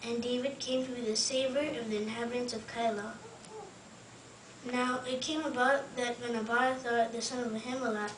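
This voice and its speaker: A woman reads scripture aloud steadily and fluently, a little high-pitched with very little rise and fall. She sounds distant, in a roomy, echoing space with faint ambience behind her. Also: slight background noise. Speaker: student reader. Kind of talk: scripture reading.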